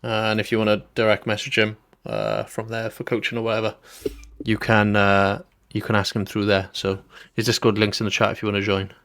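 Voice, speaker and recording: A man's voice: on the low side, a little fast, a bit bright. A young British man hosting a stream, chatting loosely and addressing his viewers as lads. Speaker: stream host. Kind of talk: casual stream chat.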